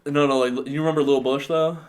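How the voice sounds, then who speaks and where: Midwestern man, mid-pitched, animated and profane in podcast chat. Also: brisk. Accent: Midwestern American. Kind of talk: casual podcast banter.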